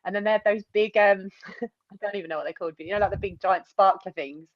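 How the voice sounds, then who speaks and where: A young woman, an MMA fighter from the UK, chatting casually in an interview, rambling and animated, with lots of fillers and quoted asides. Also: medium pitch, quick pace, dry recording, muffled recording.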